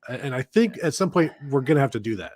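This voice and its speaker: A man's voice: medium pitch, very animated, fast talker, a little mellow, no echo, clean studio sound. A man co-hosting a sports podcast, talking casually with loose, rambling sentences. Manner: loose, rambling delivery with fillers. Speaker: podcast co-host.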